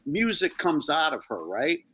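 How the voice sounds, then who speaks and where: A man guest chatting casually in a relaxed, storytelling way. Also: a little high, measured pace. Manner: relaxed storytelling, self-interrupting. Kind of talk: casual chat.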